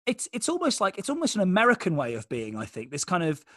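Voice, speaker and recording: Male comedian, quick-fire rambling anecdotes, dry close mic. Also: high voice, huge pitch swings, a bit bright, dry recording. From Britain. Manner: quick, self-deprecating storytelling with lots of fillers. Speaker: comedian and guest. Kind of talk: casual podcast chat.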